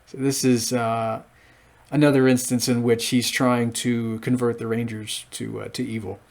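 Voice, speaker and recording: Man, late thirties, mid-range pitch, solo episode reviewer, loose chatty recap, lots of fillers. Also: level tone, normal speed, creaky, a little mellow.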